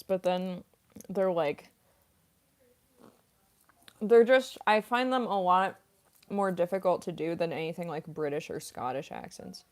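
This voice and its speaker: A young woman voice actress chats with her livestream viewers in an unhurried, easygoing way, pausing often on ums and likes. She reads chat messages aloud between bites of chips. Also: medium pitch. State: eating chips while talking.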